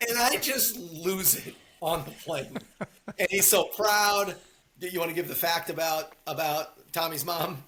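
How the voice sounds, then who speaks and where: A man co-hosting a casual movie podcast, talking from an airplane over earbuds and loudly acting out quotes. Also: fairly high pitch, a little slow. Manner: animated, acts out quotes loudly. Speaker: podcast co-host. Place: airplane cabin.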